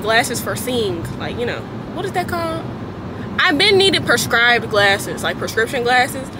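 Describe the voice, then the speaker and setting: A young woman with a Southern US accent, vlogging casually in her car about her day as a nail tech. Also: a little high. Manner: chatty and relaxed, talking to the camera. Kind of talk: casual vlog chat. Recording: noisy phone recording.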